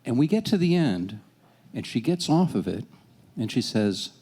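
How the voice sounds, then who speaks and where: A man in his sixties telling a personal story on stage, animated, self-deprecating and swearing freely. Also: mid-range voice, moderate pace, slightly rough. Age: 60s.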